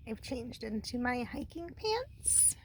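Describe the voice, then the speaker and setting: A woman vlogging from inside a small camper van, chatting casually in a gravelly morning voice, often half-whispering. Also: fairly high pitch, big pitch swings, slow, a little mellow, slight background noise, low-quality recording. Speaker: camping vlogger. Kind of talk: casual vlog narration.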